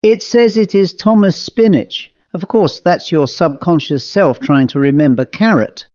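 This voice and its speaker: A man's voice: a little high, a little slow, darkish tone, no echo, pitched above the performer's own voice, natural voice. An uneasy young woman medium from a spooky storybook, as a male reader puts her on. Her voice sits well above the reader's own and sounds anxious and light. The recording is dry and dull.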